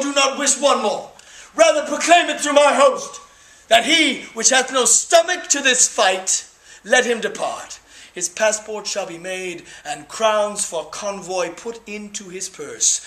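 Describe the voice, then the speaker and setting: Guy playing a young king firing up his tired army, big shakespeare speech, slow and bright, echoey hall far from the mic. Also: extremely high pitch, heavily acted. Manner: declaims Shakespearean verse, swinging from shouts to whispers. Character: young English king rallying outnumbered troops.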